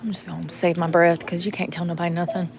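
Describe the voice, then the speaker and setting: A woman's voice: fairly low pitch, little pitch movement, quick pace, creaky, slight background noise. A woman, vlogging casually from inside a store, talking bluntly to her viewers and muttering to herself as she shops. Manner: blunt, rambling, muttering to herself while shopping.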